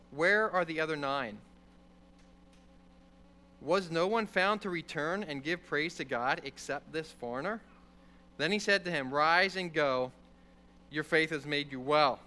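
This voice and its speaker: Animated high-voiced man teaching the Bible. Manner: conversational, animated, checks in with "okay?". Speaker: preacher.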